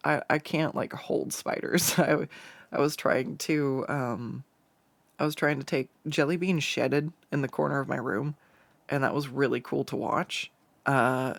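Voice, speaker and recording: Streamer, casual chat on stream, giggly and rambling, slight fry, dry close sound. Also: mid-range voice, no room sound. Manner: rambling and giggly, many fillers and restarts.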